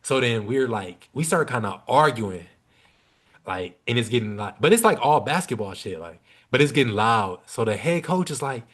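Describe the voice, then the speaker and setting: A man's voice: medium pitch, normal speed. Young man telling a story with loose slang. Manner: animated, slangy, swears freely. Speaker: podcast guest. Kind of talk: casual storytelling.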